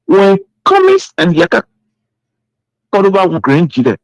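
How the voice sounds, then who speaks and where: A man calling into a radio show, lively and preachy. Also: sits high, moderate pace, vocal fry, dry recording, muffled recording. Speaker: caller. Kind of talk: call-in comment.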